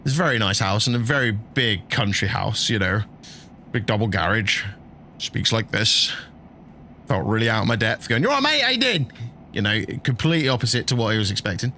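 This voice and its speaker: A man's voice: on the low side, brisk, pushed and bright, a little hiss or hum. A middle-aged man chatting casually and jokily while streaming a truck-driving game, laughing often and bantering with his chat.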